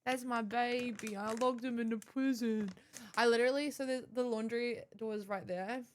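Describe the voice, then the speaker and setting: A woman's voice: a little high, fairly even intonation, moderate pace. A young adult woman streaming live, chatting casually and rambling with lots of fillers.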